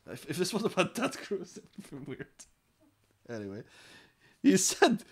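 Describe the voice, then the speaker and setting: A man's voice: high voice, huge pitch swings, normal speed, long pauses, slightly rough. Profane sarcastic man reading news. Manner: profane, sarcastic, reads articles aloud with asides. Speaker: podcast co-host reading news articles. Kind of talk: crude comedic podcast banter.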